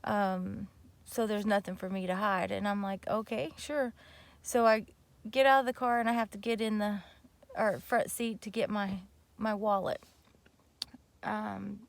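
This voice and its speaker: A woman's voice: medium pitch, fairly even intonation, a little slow, vocal fry. A young woman vlogger telling a story casually and animatedly, with many fillers and restarts.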